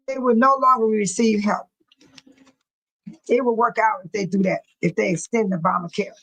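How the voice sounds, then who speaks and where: A woman's voice: sits high, fairly bright tone, rough recording. A woman hosting a live chat, reading viewer comments aloud and often breaking into laughter, speaking in a folksy, churchy way. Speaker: livestream host.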